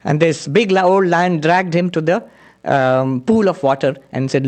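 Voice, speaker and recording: A man's voice: a little high, unhurried, darkish tone. A man, a spiritual teacher, giving an earnest lecture that mixes teachings, stories and chanted Sanskrit verses.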